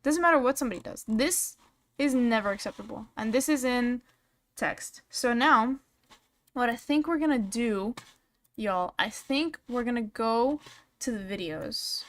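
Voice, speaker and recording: A woman's voice: on the high side, measured pace, dry recording. A woman commenting casually on a stream, reading messages aloud and reacting bluntly, with frequent swearing.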